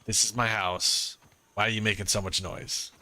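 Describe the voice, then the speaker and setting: A man's voice: on the low side, flat delivery, normal speed, sharp tone. A man voicing a grumpy spider woken from its sleep, complaining indignantly about the noise in its home.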